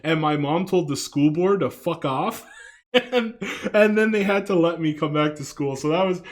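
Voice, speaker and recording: Man, from Canada, slightly high pitch, casual commentary, lots of fillers, swears freely. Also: moderate pace. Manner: loose and chatty, full of fillers and swearing. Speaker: video commentator.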